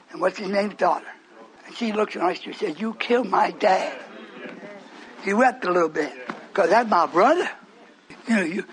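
A male preacher delivering a fiery sermon, swinging from low murmurs to high shouted preaching. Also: a little hiss or hum, poor audio.

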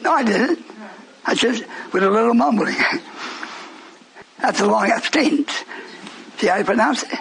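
Pastor, high bright voice, lively, fiery preaching that shouts and scolds. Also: male voice, unhurried, creaky, long pauses, rough recording. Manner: shouting, scolding, then joking with the congregation.

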